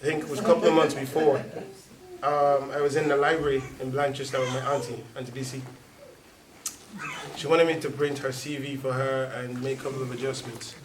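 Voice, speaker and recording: Guy telling his story at church, laughing a lot, far off mic in a boomy hall, crowd around. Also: little pitch movement, a little fast. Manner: chatty, laughs often, many "you know" fillers. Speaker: church member giving a testimony. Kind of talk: casual storytelling before an audience. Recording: echoey hall, distant mic, audience noise.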